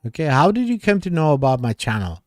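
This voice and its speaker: A man's voice: a little high, sing-song, quick pace, darkish tone, no room sound, studio quality. A man hosting a livestream, reading viewers' comments aloud in casual chat and laughing often.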